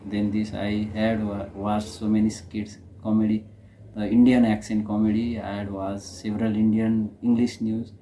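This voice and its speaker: A man's voice: lowish voice, level tone, moderate pace, warm tone, slight background noise. A man with a Nepali accent, hosting a reaction video in casual, hesitant commentary full of fillers and restarts.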